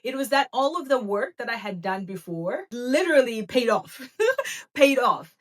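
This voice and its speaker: A woman in her thirties hosting a podcast, telling a personal story in a casual, lively way and acting out what people said. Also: fairly high pitch, moderate pace. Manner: animated, laughing, acts out quoted talk. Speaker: podcast host.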